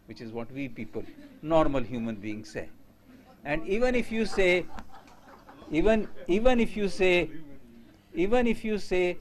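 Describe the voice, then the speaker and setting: A man's voice: on the high side, lively intonation, moderate pace. A man giving a conversational lecture to teachers and asking the audience questions.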